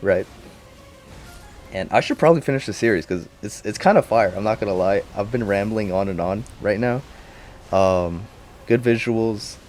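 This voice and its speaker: Rambling young man with a low voice. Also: normal speed, a little mellow, faint music behind. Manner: rambling, slangy, swears often. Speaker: vlogger. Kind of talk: casual rambling review.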